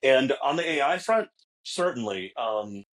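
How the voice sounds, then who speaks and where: Man, interview guest, casual, relaxed, conversational, mid-pitched. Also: a little slow. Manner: relaxed, many fillers and restarts. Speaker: guest, technology executive.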